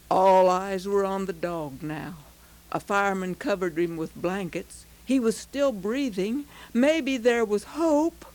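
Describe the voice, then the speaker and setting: A woman reading a heartfelt story aloud, slow and expressive. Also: medium pitch, low-quality recording. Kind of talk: scripted story narration.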